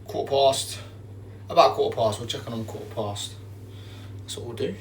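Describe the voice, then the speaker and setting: A man chatting casually on a live stream while he bakes in his kitchen, excitable and repeating his catchphrases. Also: medium pitch, moderate pace, long pauses, distant mic, slight background noise. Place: home kitchen. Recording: roomy echo, away from the mic.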